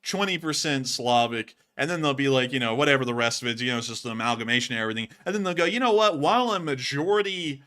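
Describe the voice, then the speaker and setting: A man's voice: medium pitch, rapid-fire, hardly any pauses, pushed and bright, clean tone. A man from the United States hosting casual war news commentary, chatty and laughing often.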